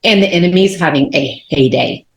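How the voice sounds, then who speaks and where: A woman in her forties from Texas, telling a personal faith testimony as an animated storyteller who leans on fillers. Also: fairly low pitch, normal speed. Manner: animated storyteller, many fillers, acts out quotes. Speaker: guest. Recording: roomy echo.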